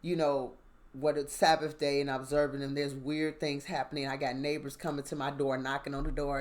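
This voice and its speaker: A woman, a mother, telling a casual, animated story about her spiritual experiences and checking in with the listener. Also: low voice, a little fast. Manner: animated, conversational, asks listener "you understand?". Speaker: spiritual vlogger.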